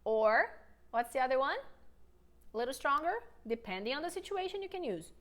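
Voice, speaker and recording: A woman teaching an online English lesson, upbeat and coaxing, slowing down to model sentences for learners to repeat. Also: high voice, very animated, a bit bright.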